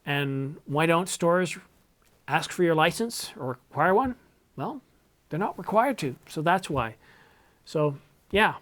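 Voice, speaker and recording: A middle-aged Canadian man with a fairly high, animated voice and a slightly bright tone speaks slowly and pauses often. He's casually fielding viewer questions on his filmmaking channel, rambling, correcting himself, and tossing in dry little jokes in this Q&A monologue.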